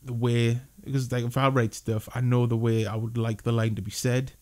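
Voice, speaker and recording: A man chats loosely about a film he reviewed, talking at a middling pitch. He wanders through his points with many fillers and restarts and laughs often. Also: flat delivery, fairly quick, a little mellow. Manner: rambling, lots of 'like' and restarts, laughs often. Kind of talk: casual review chat.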